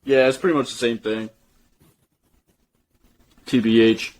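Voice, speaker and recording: A young man co-hosts a podcast in easy, casual chat. His voice sits at a middling pitch, and his talk is loose and full of bro slang. He laughs often. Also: little pitch movement, measured pace, low-quality recording. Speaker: podcast co-host.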